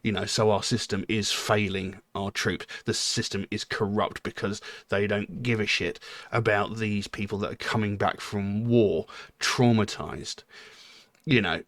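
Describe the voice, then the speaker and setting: A man's voice: on the low side, fairly even intonation, a little slow, fairly bright tone, no room sound. A man hosting a music reaction channel, giving casual, rambling commentary full of "you know" and "um".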